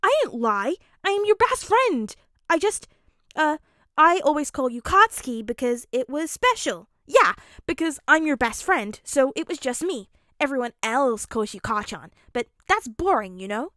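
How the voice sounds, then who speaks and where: A woman doing a loud, eager teen boy. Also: on the high side, sing-song, normal speed, hardly any pauses, no room sound, clean studio sound. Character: eager upbeat teenage boy friend. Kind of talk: fanfic audiobook reading.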